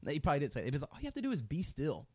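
A man's voice: a little high, wildly swooping pitch, racing, breathy edge, no echo. Male Bible teacher, casual and filler-heavy, bouncy delivery, dry close sound. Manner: conversational, many fillers, sarcastic asides.

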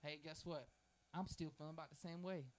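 Fervent preacher man with a higher voice. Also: steady tone, a little fast, a little mellow. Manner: fervent, emphatic preaching with rising repeated phrases; informal, folksy asides. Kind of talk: sermon with a read-aloud prayer.

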